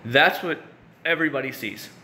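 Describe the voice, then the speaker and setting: A man in his thirties chats loosely with his live-stream viewers, rambling and restarting his sentences. His voice is bright and forward. It bounces around an echoey room over a faint hiss. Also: mid-range voice, moderate pace. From Central Florida. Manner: rambling, chatty, frequent restarts and fillers. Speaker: YouTube live-stream host answering chat. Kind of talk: casual live-stream chat.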